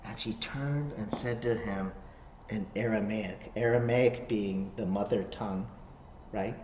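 Pastor preaching in a roomy echo. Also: male voice, fairly low pitch, measured pace, noisy background. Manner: animated, swings from loud emphasis to soft near-whispers. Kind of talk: sermon.

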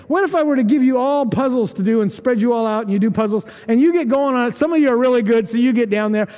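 Man, pastor, high voice, conversational sermon, acts out voices, long hall reverb. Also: a little mellow, lo-fi sound. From United States. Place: church sanctuary.

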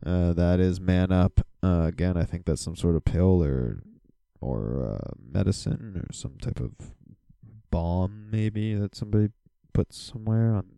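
Deep, gravelly-voiced man hosting a podcast. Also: measured pace, warm tone, dry recording. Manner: rambling, filler-heavy storytelling. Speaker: podcast host. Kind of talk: casual solo podcast monologue.

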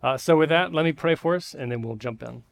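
A man's voice: on the high side, brisk, gravelly. A male pastor, preaching a conversational sermon with frequent fillers in a church. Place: church sanctuary.

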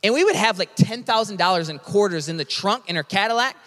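A high-pitched man preaches a sermon in a casual way, with emphatic, energetic bursts. His voice rings with a long reverb from a large hall. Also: quick pace. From United States. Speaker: pastor.

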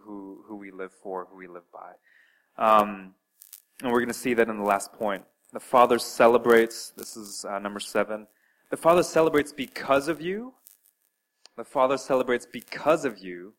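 A man preaching a sermon in an earnest way, asking his listeners direct questions and swinging between loud and soft. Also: on the low side, rough recording. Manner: earnest, with wide swings in loudness.

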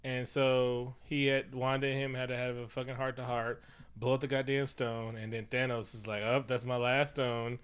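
A man's voice: medium pitch, little pitch movement, moderate pace, clean tone. A man retelling a movie's plot in casual, profane chat, jumping into characters' lines as he goes.

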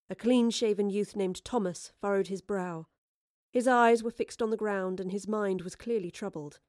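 A woman reading an audiobook in a measured, expressive storytelling voice. Her pitch sits mid-range and the recording is dry and close-miked. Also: no room sound. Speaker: audiobook narrator. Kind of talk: scripted audiobook narration.

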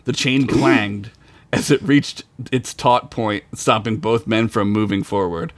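A man narrating a tabletop game as game master, telling the story with animated delivery. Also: on the low side, a little slow, no room sound.

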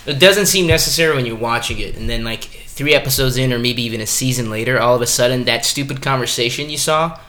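A man's voice: medium pitch, fast, hardly any pauses. A man, a podcast guest who works as a stuntman, chatting casually and telling stories with lots of swearing. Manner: profane, animated storytelling. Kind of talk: casual chat.

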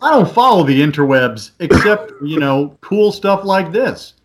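Man, podcast guest, somewhat high voice, lively storyteller, casual chat. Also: measured pace, a little hiss or hum. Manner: animated storyteller, acts out voices in anecdotes.

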